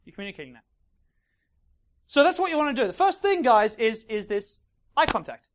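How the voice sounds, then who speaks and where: A man giving a lively seminar talk to a room of listeners. He acts out scenes as he goes and keeps checking in with the crowd. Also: very high-pitched, fairly quick. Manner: animated, acts out scenes, frequent checks like "right?" and "okay?". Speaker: dating coach. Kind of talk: live seminar talk to an audience.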